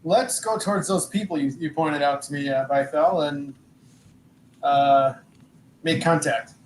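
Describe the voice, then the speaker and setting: A man playing a tabletop game, speaking haltingly with fillers. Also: on the high side, roomy sound, a little hiss or hum, low-quality recording. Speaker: player.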